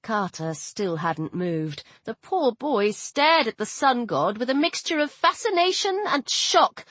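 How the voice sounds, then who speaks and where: A woman narrating an audiobook in the first person with lively, wry storytelling. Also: on the high side, unhurried, dry recording.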